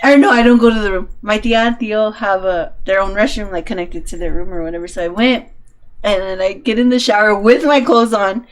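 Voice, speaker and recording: A woman podcast co-host telling a funny story in casual chat, animated and laughing often. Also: medium pitch, a little fast.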